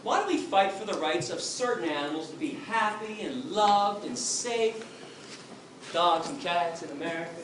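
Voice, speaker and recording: A man's voice: high-pitched, animated, moderate pace, fairly bright tone. A middle-aged man giving an impassioned, emphatic talk to a crowd, telling his story. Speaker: activist speaker. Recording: distant echoey room with noise.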